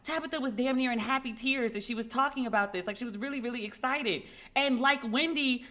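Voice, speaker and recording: A woman hosting a podcast in a casual, animated way, acting out dialogue and talking frankly with profanity. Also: on the high side, fairly quick. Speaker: podcast host. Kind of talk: casual commentary.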